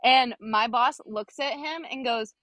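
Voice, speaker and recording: Young woman guest on a podcast, kinda high voice, dry close sound, lively storytelling, acts out what people said. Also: a little slow, no echo. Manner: animated, acts out quoted dialogue, many fillers. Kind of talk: casual storytelling chat.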